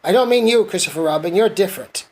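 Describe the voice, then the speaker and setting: A man's voice: high voice, expressive, fast talker, a little mellow. A man voicing a gloomy, self-pitying male donkey from a storybook, in a mournful, sarcastic way.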